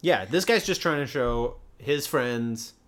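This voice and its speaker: A man's voice: medium pitch, animated, slow pace, a bit bright. A man co-hosting a music podcast, trading playful jokes in casual chat. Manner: jokey, playful banter. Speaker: podcast co-host.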